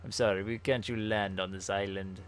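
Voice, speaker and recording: A man's voice: on the low side, fairly even intonation, fairly quick, natural voice. A man voicing a hostile male mercenary, threatening in a put-on accent. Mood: menacing. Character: hostile male hired sword.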